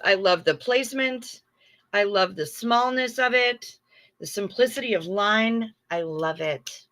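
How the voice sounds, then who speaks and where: A woman's voice: a little high, unhurried, fairly bright tone. A middle-aged woman hosting a livestream in casual chat, effusive and chatty as she reads viewer comments aloud. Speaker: livestream host.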